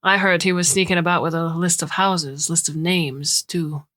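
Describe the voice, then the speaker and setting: A woman voicing a grizzled, burly male security guard with an Afrikaner accent who gives curt, gruff warnings. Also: on the low side, steady tone, normal speed, fairly bright tone, no room sound, lightly acted. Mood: dismissive.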